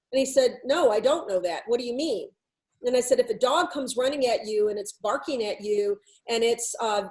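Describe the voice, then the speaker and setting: A woman podcast host and workplace consultant, telling a story with animated, quoted dialogue. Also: high voice, poor audio. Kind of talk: storytelling talk.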